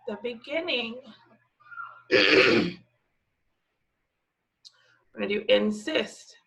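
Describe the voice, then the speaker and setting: A woman teaching a remote phonics lesson to young children, stretching out each word slowly as she sounds it. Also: fairly high pitch, gravelly, fairly bright tone. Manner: slow, drawn-out sounding of words. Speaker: preschool teacher. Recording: slightly dull lo-fi audio.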